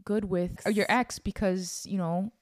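A woman's voice: mid-range voice, fairly even intonation, measured pace. A woman co-hosting a podcast in casual chat, reacting bluntly and emphatically. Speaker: podcast co-host.

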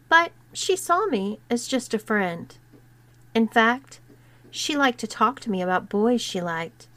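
Slow, measured female story narrator. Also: medium pitch, a bit bright, no echo.

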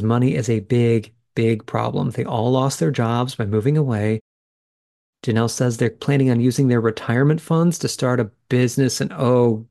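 This is a podcast host recapping episodes in a chatty, think-aloud style with real-time reactions. His voice is medium-pitched and a little mellow, captured at studio quality with no echo.

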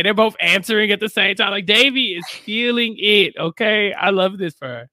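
A young woman co-hosting a podcast, recapping a TV episode in playful, animated casual chat. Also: mid-range voice, normal speed, no echo, clean studio sound. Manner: playful, animated, laughs easily. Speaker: podcast co-host.

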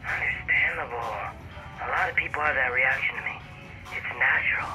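A man's voice: medium pitch, moderate pace, over loud music, close to an everyday voice, low-quality recording. An actor playing a cocky, joking teenage boy who teases his best friend, in a scripted audio drama. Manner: brash, teasing, swaggering.

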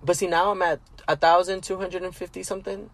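A man's voice: high voice, little pitch movement, fast, a bit bright. A man co-hosting a podcast, chatting casually in a teasing, talkative way. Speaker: podcast co-host.

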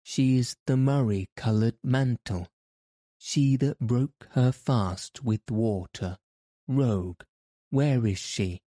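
A man reading the part of a proud, blustering knight with a commanding, gruff manner. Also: mid-range voice, takes it slowly, dark tone, no echo, studio quality. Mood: angry. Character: proud blustering middle-aged male knight.

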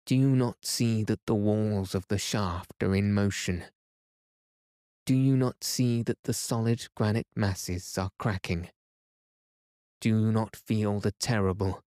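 A man voicing a frightened young explorer who pleads in agitated questions, in a soft reading voice. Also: fairly low pitch, no echo, studio quality.

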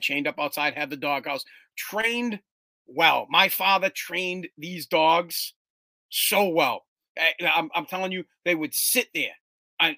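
A man's voice: on the high side, no echo. A middle-aged man from Massachusetts telling casual, profane, rambling stories as a podcast host. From Woburn, Massachusetts, US. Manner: rambling, animated, swears freely, restarts often.

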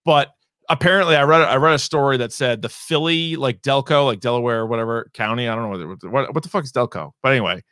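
This podcast co-host talks fast in a medium-pitched, fairly bright voice, rambling casually through entertainment news with the occasional swear. The studio sound is clean, with no echo.

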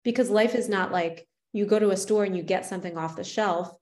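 A woman's voice: mid-range voice, fairly quick, darkish tone. A woman podcast host and artist, chatting casually and affirming her guest with enthusiasm. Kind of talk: casual conversational interview.

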